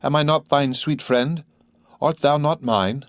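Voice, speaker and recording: A man's voice: a little high, measured pace, no room sound, studio quality, voice pushed up, lightly acted. A man voicing a young male poet who is gallant, wordy and pleased with himself, speaking in a theatrical, musing way. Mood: amorous eager.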